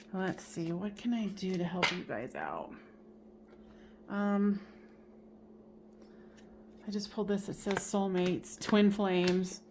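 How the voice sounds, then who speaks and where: A woman with a mid-pitched voice gives a casual, expressive tarot reading, swearing freely and chuckling at her own remarks. Faint background noise sits under her voice. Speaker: tarot reader.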